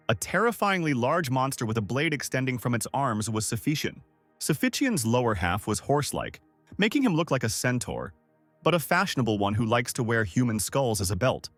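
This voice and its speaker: Man, story recap narration, steady storytelling, animated pitch, dry close voice, faint background music. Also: no echo.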